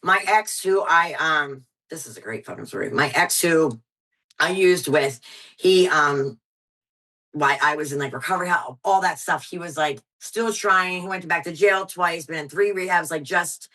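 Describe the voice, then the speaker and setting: A woman comedian in her thirties, telling blunt, profane stories in a high-energy way during a casual podcast chat. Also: moderate pace, sharp tone, rough recording. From Pennsylvania, US. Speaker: stand-up comedian guest.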